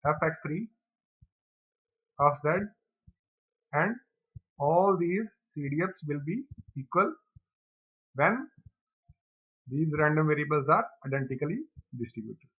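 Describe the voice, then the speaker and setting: Man, teacher, calm methodical explanation, tinny lo-fi recording. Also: on the high side, measured pace, pauses often, husky. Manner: steady, methodical step-by-step explaining. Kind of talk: exam problem lecture.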